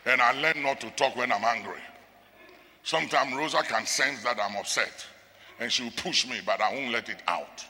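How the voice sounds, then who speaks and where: A man preaching a sermon, his delivery swinging from quiet talk to shouted bursts, at times praying in tongues. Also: mid-range voice, normal speed. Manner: speaks in tongues. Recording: long hall reverb.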